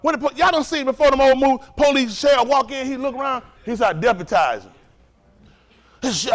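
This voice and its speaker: A man's voice: extremely high pitch, animated, fairly quick, a bit bright. A man teaching a religious study group in a fiery preaching style, profane and provocative, firing rhetorical questions at the room.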